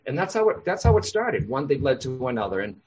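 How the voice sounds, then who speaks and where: A man, a psychic medium guest on a podcast interview, telling lively stories and explaining his work. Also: medium pitch, a little fast, slight background noise. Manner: animated, acts out voices in anecdotes. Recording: dull lo-fi sound.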